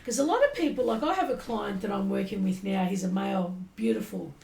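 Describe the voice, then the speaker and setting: A woman's voice: medium pitch, fairly quick, creaky, echoey room. A woman who works as a spiritual healer, chatting casually in an interview and telling stories with animation. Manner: animated storyteller who acts out quotes.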